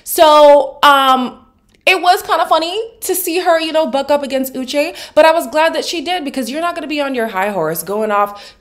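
A woman vlogger talks straight to camera in a casual recap, her voice a touch higher than most women's even with her deep morning tone. She is opinionated and sassy, leaning hard on her points with emphatic asides. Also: moderate pace. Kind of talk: casual reality-TV recap commentary.

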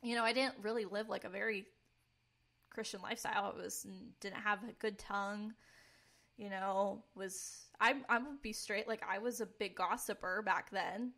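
A woman's voice: medium pitch, steady tone, normal speed, vocal fry, a bit bright. A young woman, a podcast co-host, candidly telling her personal faith testimony in casual talk, earnest and peppered with "like". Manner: earnest, candid, filler-heavy with frequent "like".

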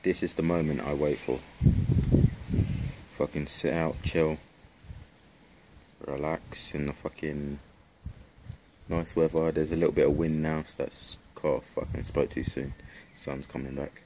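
A man's voice: a bass voice, flat delivery, unhurried, pauses often, noisy background. A young man chatting casually to camera in a laid-back, slangy way, swearing a lot. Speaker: vlogger. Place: at home and outdoors.

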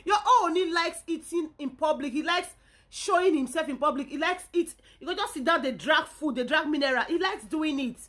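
A woman's voice: high voice, fairly quick, a bit bright. A Nigerian woman from Edo State ranting in a reaction video, indignant and scolding, often repeating herself. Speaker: vlogger.

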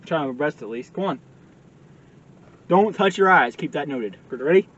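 A man's voice: on the high side, animated, normal speed, a bit bright, muffled recording. A young man hosting a casual vlog from inside a car, hyped and joking. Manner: hyped, joking, yelps and laughs. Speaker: vlogger host.

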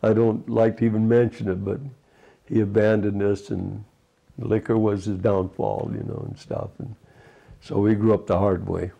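A man's voice: on the low side, little pitch movement, normal speed, creaky, mellow. A man in his eighties, a retired fisherman, recalling his childhood in a rambling oral history interview, full of "you know" asides. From United States. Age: 80s.

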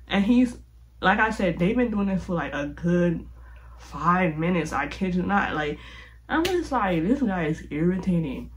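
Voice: mid-range voice, expressive, moderate pace, a little hiss or hum, rough recording. Young adult vlogger, storytime narration, casual and slangy, lots of filler "like"s. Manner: chatty, heavy use of "like", slangy.

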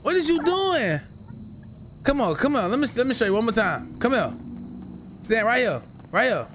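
A man streaming a roleplay game, talking in casual, profane voice chat and coaching his partner with quick restarts. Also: extremely high pitch, sing-song, a bit bright, a little hiss or hum.

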